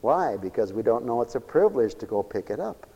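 A man preaching a sermon, telling stories and acting out the lines of the people in them, dropping to a hush and then building to fervent cries. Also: medium pitch, very animated, a little fast, husky, highs cut off. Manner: storytelling with acted-out quoted dialogue, swinging from hushed to fervent cries. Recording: long echoey hall reverb.

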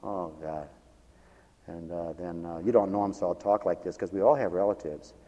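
Animated middle-aged preacher in an echoing church. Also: male voice, deep voice, normal speed, muffled recording. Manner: animated, swings from hushed asides to loud dramatic outbursts; rambling with repeated restarts. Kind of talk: storytelling sermon. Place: church with a balcony. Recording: long reverb from a church hall.

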